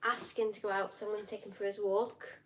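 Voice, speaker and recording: A woman's voice: medium pitch, flat delivery, fast talker, a bit bright, slight background noise. A woman from Wales co-hosting a casual live stream from home, chatty and matter-of-fact. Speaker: co-host.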